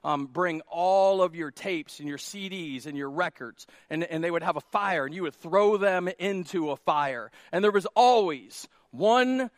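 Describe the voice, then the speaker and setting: A man pastor preaching a sermon to his church in a loose, conversational way, making jokes and then hammering key lines by repeating them louder. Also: a little high, normal speed, hardly any pauses, no room sound, clean studio sound. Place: church sanctuary.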